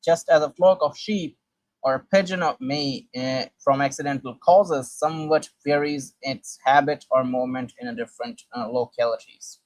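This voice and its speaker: A man's voice: mid-range voice, no room sound, low-quality recording. A man who reads old historical sources aloud and comments on them, stumbling often and restarting words as he goes. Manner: halting, with frequent restarts and fillers while reading.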